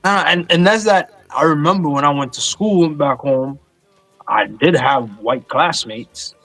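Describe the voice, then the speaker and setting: A man's voice: a little high, unhurried, pushed and bright, no room sound, faint music behind. A middle-aged man from Saint Lucia in casual podcast chat, telling stories animatedly and swearing freely. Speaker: podcast co-host.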